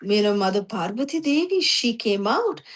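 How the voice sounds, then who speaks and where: A woman's voice: on the high side, normal speed. A woman teaching a scripture class, telling the story animatedly with many 'you know' fillers. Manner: animated storytelling, acting out voices.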